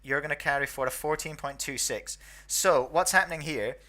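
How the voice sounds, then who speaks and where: Scottish guy doing casual commentary, bright voice, jokes at himself a lot. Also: on the high side, brisk. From northeast Scotland. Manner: chatty, self-deprecating, thinks aloud. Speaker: host.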